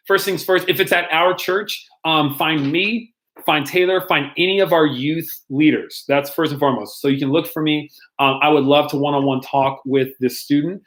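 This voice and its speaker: A man's voice: on the high side, a bit bright. Playful young man hosting a youth Q&A. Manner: playful, rambling, laughs often, lots of ums. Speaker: youth pastor. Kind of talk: casual live-stream Q&A.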